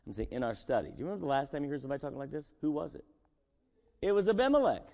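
A man's voice: a little high, sing-song, rapid-fire, creaky, a little mellow. A man preaching a sermon as pastor, talking casually and asking his congregation rhetorical questions. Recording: long echo of a large hall.

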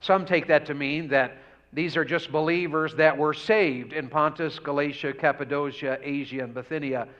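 High-voiced preacher. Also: male voice, fairly even intonation, normal speed, fairly bright tone. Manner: folksy, rhetorical questions to congregation. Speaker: pastor. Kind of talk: revival sermon. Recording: dull lo-fi church audio.

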